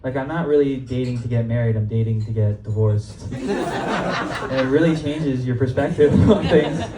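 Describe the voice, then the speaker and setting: The recording is very noisy: a young male comedian in a comedy club, medium-pitched and moderately paced, delivering a casual, profane set and laughing at his own lines. A distant mic picks up roomy club acoustics and the crowd's laughter and cheers.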